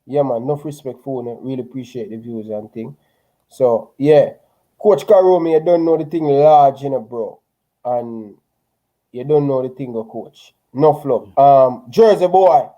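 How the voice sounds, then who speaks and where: A laid-back man hosting a casual livestream, handing out shout-outs to his viewers. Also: mid-range voice, moderate pace, low-quality recording. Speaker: channel host.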